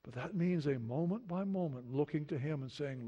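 A middle-aged male pastor preaching a sermon earnestly, moving between hushed prayerful passages and emphatic points. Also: on the high side, expressive, moderate pace, husky, lo-fi sound.

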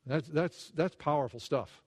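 An earnest man delivers a sermon with a fairly high voice. He restarts and repeats words as he thinks aloud. He climbs in pitch when he retells a story and sinks low and quiet for asides. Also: a little slow. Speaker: preacher.

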